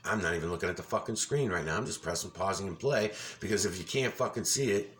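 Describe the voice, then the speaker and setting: A man's voice: low-pitched, fast talker, a bit bright, slight background noise. A man giving a casual, ranting commentary over a video, insistent and full of swearing. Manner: angry, profane, ranting; insistent, repeats himself.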